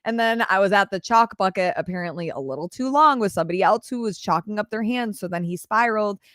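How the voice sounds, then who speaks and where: A woman's voice: mid-range voice, animated, quick pace, fairly bright tone, no room sound, studio quality. A young woman hosting a live chat, telling a personal story casually on a clip-on mic, full of "like" and laughter. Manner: chatty, peppered with "like", laughs while telling. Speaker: host.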